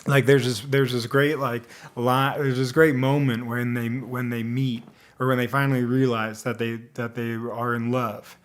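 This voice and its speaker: A man gives a casual, unscripted review of a movie. He rambles and keeps restarting his sentences. His voice has a medium pitch and gets animated. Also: normal speed, few pauses. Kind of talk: casual one-take commentary.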